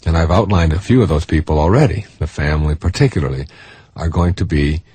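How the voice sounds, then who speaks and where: A man's voice: sits low, mellow, slightly rough, dry recording. A middle-aged man giving a recorded self-help lecture, earnest and emphatic, building his points through repetition.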